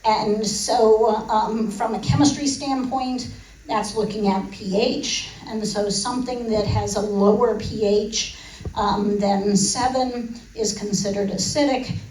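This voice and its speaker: A guest speaker on food science gives a casual talk to a live audience in a lecture room, with many fillers and restarts. Her medium-pitched voice is a little mellow, picked up roomily by a distant mic in the hall.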